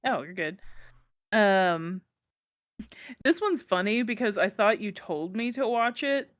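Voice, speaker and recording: A young adult woman co-hosting a horror movie podcast in casual chat, easygoing and quick to laugh. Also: mid-range voice, expressive, dry recording. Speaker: podcast co-host.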